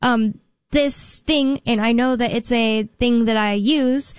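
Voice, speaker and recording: A woman's voice: fairly high pitch, fairly even intonation, slow, clean tone, no echo, highs cut off. A woman hosting a talk radio show, chatting in a rambling way with lots of fillers. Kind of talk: casual talk radio chat.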